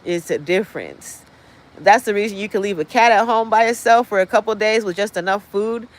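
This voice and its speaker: A woman's voice: mid-range voice, fairly quick, rough recording. Blunt, profane woman ranting on a livestream. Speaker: livestream host. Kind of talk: casual livestream rant. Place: indoors, apartment building.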